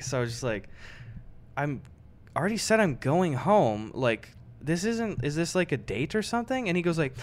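Young male podcast co-host, lively storyteller, slightly high voice, mimics voices. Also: normal speed. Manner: animated, acts out quoted voices with big pitch swings. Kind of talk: casual storytelling chat.

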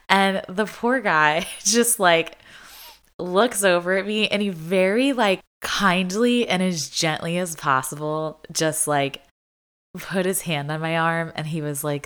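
Low-voiced young woman chatting casually. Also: measured pace, fairly bright tone, smooth. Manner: chatty, frequent "like" fillers, laughs often. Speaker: vlogger. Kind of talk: casual chat.

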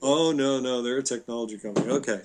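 An older man chats as a guest on a podcast, spinning business anecdotes. He quotes other people and chuckles as he goes. His voice sits at an ordinary middle pitch. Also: quick pace, noisy background. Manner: storytelling, quoting others, chuckling. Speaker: guest entrepreneur. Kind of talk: conversational podcast interview.

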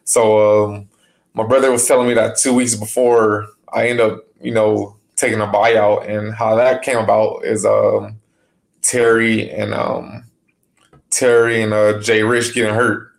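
A man speaking as a guest in a casual podcast interview, relaxed, with many fillers and restarts. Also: on the low side, unhurried, creaky. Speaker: basketball player guest.

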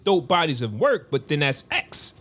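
Man, fairly high voice, casual podcast chat, argumentative, repeats himself as he thinks. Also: big pitch swings, normal speed, a bit bright, slightly rough. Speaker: podcast co-host.

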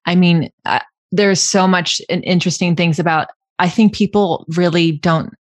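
A woman's voice: on the low side, steady tone, moderate pace, no echo. A woman hosting a podcast, talking reflectively in a casual conversation with frequent restarts. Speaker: podcast host.

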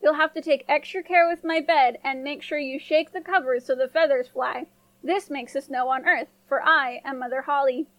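A woman's voice: high-pitched, steady tone, moderate pace, no room sound. Mother Holly, a woman doing a kind old woman. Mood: kindly. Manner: warm, kindly, chuckling.

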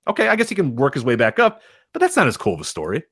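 A man co-hosting a podcast, talking fast in casual chat with many stammers and fillers. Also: mid-range voice, wildly swooping pitch, a bit bright, dry recording, clean studio sound. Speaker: podcast co-host.

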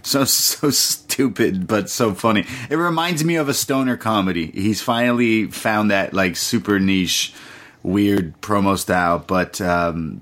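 A man's voice: on the low side, measured pace, a bit bright. A young man hosting a podcast, chatting casually and laughing often as he retells a wrestling show with quoted voices. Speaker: podcast host. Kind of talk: casual wrestling recap chat.

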